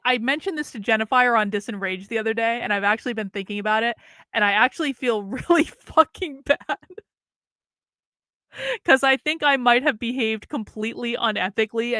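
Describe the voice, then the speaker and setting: A woman's voice: a little high, moderate pace, sharp tone, no echo, clean studio sound. A woman streaming a casual, candid monologue, swearing freely and laughing often, with an American accent. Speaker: streamer and commentator.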